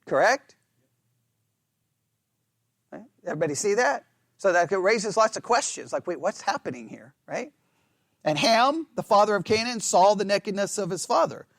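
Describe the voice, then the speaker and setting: Male Bible study teacher with a high, animated voice and a dry close sound. He keeps checking in with his class and teases with self-mocking sarcasm. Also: moderate pace, pauses often, dry recording. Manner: animated, checks in constantly with "right?".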